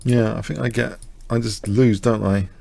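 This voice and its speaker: A tired man commentating his own blitz chess game live, muttering self-deprecating remarks and clearing his throat. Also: on the low side, steady tone, moderate pace, dark tone, a little hiss or hum. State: slightly exhausted, coughing. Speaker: chess streamer.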